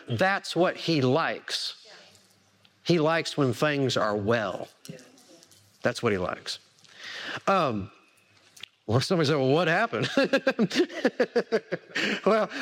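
Guy preaching to a church crowd, high voice that swings up and down a lot, keeps asking them stuff. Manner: animated, repeats words for emphasis, asks the congregation questions. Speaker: pastor. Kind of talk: sermon.

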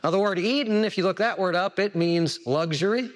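A man's voice: high-pitched, a little fast. A man preaching a sermon, repeating words for emphasis and asking the congregation questions. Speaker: pastor.

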